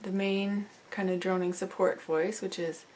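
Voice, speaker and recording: A woman talks through a song part by part, her speech soft and unhurried. She sits at a middling pitch and leaves plenty of room between phrases, like a patient voice teacher. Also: flat delivery, slight background noise. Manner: soft, unhurried explaining, breaks into slow sung lines. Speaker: singing teacher.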